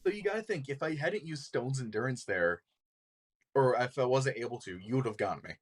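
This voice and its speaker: A man's voice: mid-range voice, animated, fairly quick. A man playing a tabletop game, describing his character's actions with many likes and kinda's. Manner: rambling, filler-heavy. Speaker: player. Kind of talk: casual game chat.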